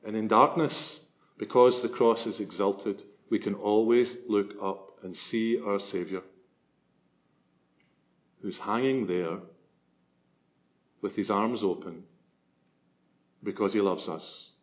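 A man's voice: on the low side, steady tone, slow, long pauses. A man preaching a sermon as a priest, earnest and swelling to emphasis on key phrases.

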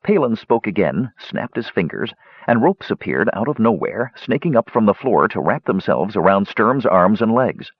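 A man narrating a fantasy audiobook with an expressive reading. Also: on the low side, moderate pace, breathy edge, no echo. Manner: expressive reading with many character voices. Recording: dull lo-fi dry recording.

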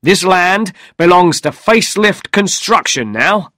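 A man's voice: medium pitch, lively intonation, slow pace, no room sound, clean studio sound. A man voicing an angry man from a building firm in a storybook reading, curt and threatening.

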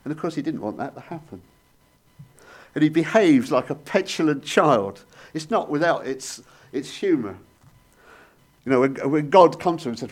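A man preaching a sermon, telling stories with sudden rises and soft, hushed drops. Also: fairly high pitch, expressive, normal speed.

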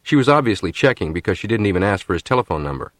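A man narrating a novel as an audiobook in a steady, measured storytelling manner. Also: on the low side, no echo. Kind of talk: scripted narration.

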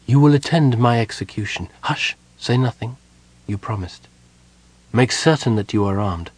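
A man voicing a calm, devout young woman prisoner who speaks softly but firmly. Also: mid-range voice, normal speed, breathy edge, no echo. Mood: serene.

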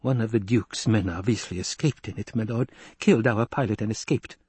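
A man's voice: lowish voice, fairly quick, a little mellow, breathy edge, no echo. A man voicing a silky, scheming male advisor who hesitates and defers to his lord. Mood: deferential.

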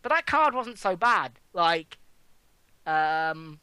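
A woman with a bright, lively voice co-hosts a casual chat, full of sarcasm and giggles. She swears freely and mocks the people she talks about. The recording is dry and close. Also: on the low side, slow pace, clean tone, no echo. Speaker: wrestling podcast co-host.

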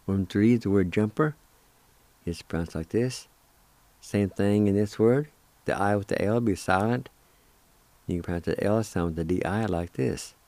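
A middle-aged man teaching words slowly, spelling them out and repeating each syllable, with gentle encouragement. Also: lowish voice, no echo. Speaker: language teacher and radio host. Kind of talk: slow spoken language lesson.

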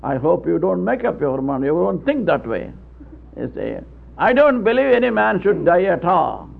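A man's voice: high voice, big pitch swings, normal speed, gravelly. A man preaching a sermon in an earnest, folksy way, chuckling and stumbling over his words. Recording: tinny old radio broadcast.

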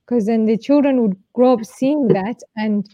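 A woman interviewer asking questions in a soft, hesitant way, with fillers like "you know" and "like". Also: a little high, normal speed, no room sound, highs cut off. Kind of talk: conversational interview.

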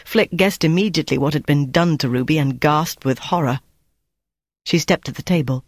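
A man reading a novel aloud in steady, measured scripted narration. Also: on the high side, no echo, studio quality. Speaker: audiobook narrator.

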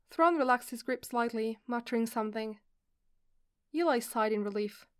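A woman reads a fan fiction story aloud in a steady, even storytelling manner. Her voice is smooth and clear and sits slightly high. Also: normal speed. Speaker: reader.

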